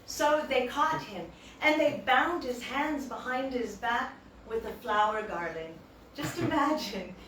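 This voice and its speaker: Casting: woman storyteller, animated devotional talk, distant mic, faint background hum. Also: fairly high pitch. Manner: animated, acts out quotes. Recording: echoey hall, distant mic.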